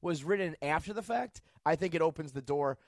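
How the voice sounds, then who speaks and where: Podcast co-host, man, slightly high and dry-miked, sarcastic and riffing. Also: expressive, a little fast, dry recording. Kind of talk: casual chat.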